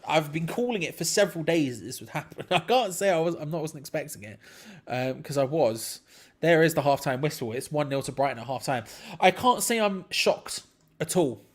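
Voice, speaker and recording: A man's voice: a little high, expressive, a little fast, fairly bright tone. A young man, hosting a live football watch-along with chatty, rambling commentary. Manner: chatty, rambling, self-deprecating. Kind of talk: casual live match commentary.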